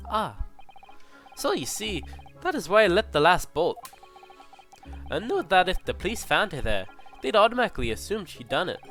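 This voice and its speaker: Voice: mid-range voice, fairly bright tone, pitched above the performer's own voice. A streamer voicing an older Irishman in a game, with a put-on Irish accent and a chatty, folksy way of explaining. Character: elderly Irish man, genial, folksy passenger. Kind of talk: game dialogue read aloud by a streamer.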